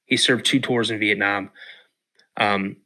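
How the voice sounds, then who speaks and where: A man from Washington state, a podcast guest telling a story in an animated way, acting out quotes and repeating words. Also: fairly low pitch, unhurried. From Washington state, USA.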